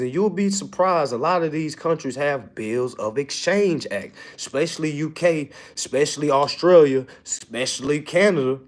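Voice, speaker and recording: A man teaching a seminar, talking casually and with lots of energy to a live audience, often swearing and checking in with the room. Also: mid-range voice. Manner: animated, profane, keeps asking "all right?". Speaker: seminar instructor.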